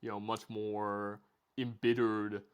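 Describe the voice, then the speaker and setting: A man speaking as a guest on a casual podcast, explaining his points in a relaxed, chatty way. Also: fairly low pitch, slow, clean tone.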